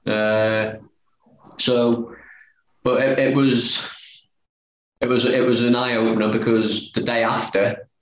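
A man's voice: medium pitch, little pitch movement, slow, long pauses. A man, a former footballer telling a story as a guest, retelling conversations line by line. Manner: chatty, retells dialogue with "he said, I said". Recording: roomy echo, faint noise.

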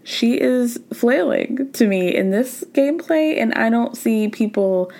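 A young adult woman hosting a podcast, recapping reality TV in a chatty, sarcastic and animated way. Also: a little high, unhurried, gravelly. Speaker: podcast host. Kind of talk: casual pop culture recap.

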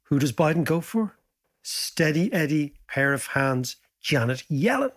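Lively chatty male podcast host. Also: a little high, a little slow. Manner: lively, jokey, animated storytelling. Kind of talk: casual podcast chat.

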